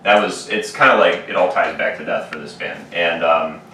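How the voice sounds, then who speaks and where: A man's voice: low-pitched, normal speed, bright, forceful tone. A man in his twenties, a band's drummer, telling stories in a rambling, laid-back way with many fillers in a casual podcast chat. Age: 20s. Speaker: band drummer, guest. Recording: roomy, distant mic with faint noise.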